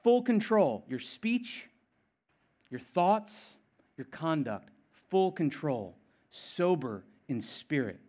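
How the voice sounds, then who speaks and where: A man preaching a sermon, stressing and repeating key phrases, swinging between loud and quiet. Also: a little high, big pitch swings, takes it slowly. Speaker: pastor.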